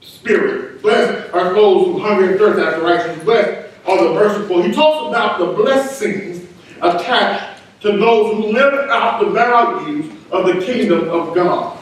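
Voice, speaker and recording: Emphatic preacher in an echoey church. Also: male voice, high voice, measured pace. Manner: emphatic, repeats words for stress. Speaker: pastor. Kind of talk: sermon. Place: church sanctuary. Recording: echoey room, mic at a distance.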